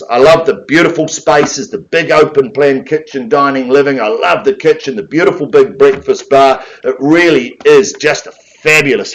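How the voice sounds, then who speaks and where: A man with a New Zealand accent calling a live property auction in a room, mixing flowery sales patter with a rapid chant of bids. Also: medium pitch, rough recording.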